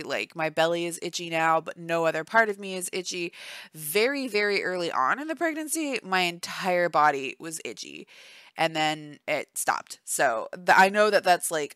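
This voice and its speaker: A woman's voice: fairly low pitch, pushed and bright, dry recording. Tired, giggly young woman, dry close sound. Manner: chatty, giggly, self-deprecating. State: tired, yawning. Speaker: vlogger. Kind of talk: casual chat. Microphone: voice-only home recording.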